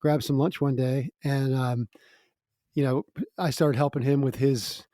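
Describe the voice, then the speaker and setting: A man's voice: mid-range voice, fairly even intonation, measured pace, dark tone, no room sound, clean studio sound. A middle-aged man, a guest musician, telling stories in a chatty way, laughing between lines. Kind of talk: casual storytelling interview.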